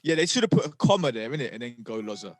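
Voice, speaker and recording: A man co-hosting a podcast, recounting things in a laid-back, halting way. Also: medium pitch, sing-song, no room sound. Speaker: podcast co-host, rapper. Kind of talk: casual chat.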